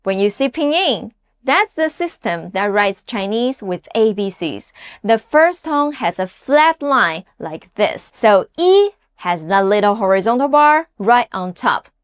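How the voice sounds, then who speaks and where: A woman narrating a scripted beginner language lesson, upbeat and encouraging, saying each example word slowly and clearly. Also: mid-range voice, expressive, no echo, clean studio sound. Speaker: language teacher.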